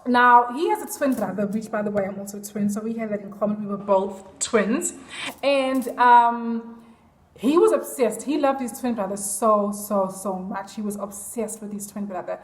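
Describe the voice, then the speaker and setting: A woman's voice: medium pitch, normal speed, roomy sound, rough recording. A woman vlogger telling a personal story in a chatty, confiding way, with plenty of fillers. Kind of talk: storytime vlog.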